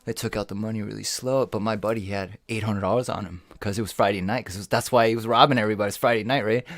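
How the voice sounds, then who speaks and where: A man co-hosting a casual podcast, telling a story in a lively, animated way, acting out what people said and swearing now and then. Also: fairly low pitch, rapid-fire, no room sound. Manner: animated, acts out quoted voices, swears. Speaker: podcast co-host.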